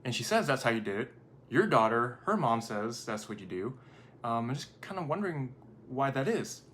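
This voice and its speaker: A man's voice: medium pitch, sing-song, moderate pace, a bit bright. A man voicing a baffled husband who fires off rising, exclamatory questions while telling a story. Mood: puzzled. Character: baffled middle-aged husband, incredulous.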